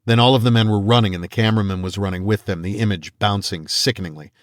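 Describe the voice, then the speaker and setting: Deep-voiced man narrating an audiobook. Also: fairly even intonation, dry recording, studio quality. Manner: measured storytelling, voices quoted characters. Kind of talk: first-person audiobook narration.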